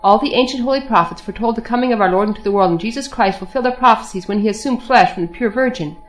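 A woman reading the lines of captive male saints who answer calmly and firmly, reasoning from scripture. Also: mid-range voice, racing, close to an everyday voice. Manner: calm, reasoning, quoting scripture. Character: captive male Christian saints, calm and firm.

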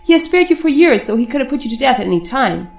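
A woman's voice: sits high, big pitch swings, quick pace, gravelly, full character voice. A woman voicing a harsh male officer who scoffs at and challenges his captives, within a storybook reading. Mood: scornful. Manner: scornful, challenging.

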